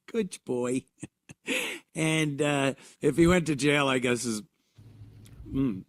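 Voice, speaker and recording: Regular-pitched guy on a podcast, hesitant, lots of uhs, dry mic. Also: slow, dry recording. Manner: hesitant, trailing off with fillers. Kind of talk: casual chat.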